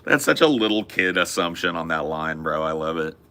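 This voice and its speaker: A man's voice: low voice, lively intonation, a little fast, sharp tone. A man from California, chatting casually and profanely, laughing often. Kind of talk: casual chat with chat.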